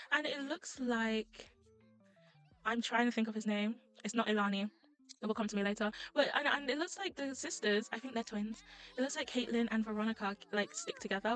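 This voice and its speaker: A young woman giving casual, rambling let's-play commentary, chatty and giggly with sudden excited squeals. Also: fairly high pitch, rough recording. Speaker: gaming YouTuber.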